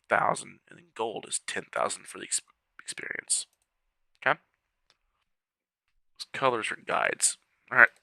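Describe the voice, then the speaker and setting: Hiccupping as he goes, a man making a game walkthrough mutters through the menus of a strategy game, keeping his commentary casual and chatty. His voice is fairly low with vocal fry and a sharp tone, with no echo.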